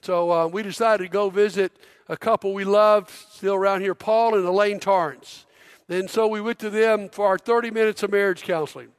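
A middle-aged man preaching a sermon in a church, energetic and conversational, prompting the congregation. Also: high-pitched, moderate pace, smooth. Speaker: pastor. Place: church auditorium. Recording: long hall reverb.

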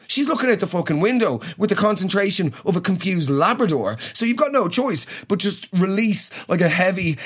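An Irish man hosting a podcast, telling a comic story in an animated, exasperated rant. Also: high voice. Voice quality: animated, exasperated ranting with swearing. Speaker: podcast host. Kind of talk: comedic storytelling monologue.

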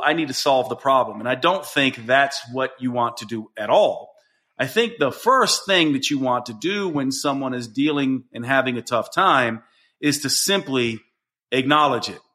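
Bright-voiced man giving coaching advice. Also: medium pitch. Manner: earnest, explaining with example phrases. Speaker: podcast host. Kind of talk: solo coaching talk.

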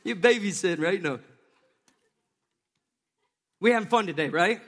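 A man preaching a lively sermon from a church stage, joking with volunteers between points. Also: high-pitched, normal speed, long reverb tail, a little hiss or hum. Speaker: pastor.

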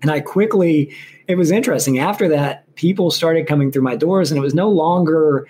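A man in his thirties, an intellectual property lawyer, telling his story as an interview guest in a chatty, animated way with many fillers and restarts. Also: fairly high pitch, a little fast, slight background noise.

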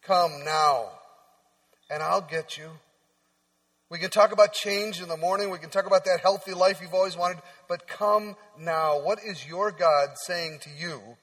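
A male pastor giving a sermon in a conversational storytelling manner, often dropping to soft, hushed tones. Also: sits high, measured pace. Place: church sanctuary. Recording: long church-hall reverb.

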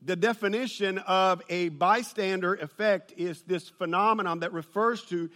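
A man preaching a sermon, telling a funny personal story and building to loud, excited peaks. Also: high-pitched, moderate pace. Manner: storytelling with humor, rises to shouting. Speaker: pastor.

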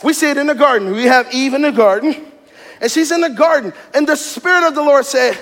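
A pastor preaching a sermon with loud, animated, joking emphasis, often near a shout, in a church sanctuary. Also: male voice, very high-pitched, a little fast. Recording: long reverb of a large hall.

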